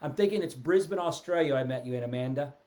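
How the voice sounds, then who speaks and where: A middle-aged man giving a casual, animated sales talk on a live stream, seated and reading out viewer comments. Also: mid-range voice, fast talker. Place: indoors, seated in a chair. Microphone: webcam or phone at a desk, seated.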